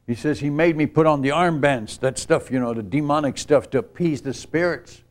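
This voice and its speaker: A man's voice: fairly high pitch, moderate pace. An older man giving a storytelling sermon at a church retreat, earnest and rambling, with many restarts. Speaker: missionary speaker. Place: church retreat camp gathering.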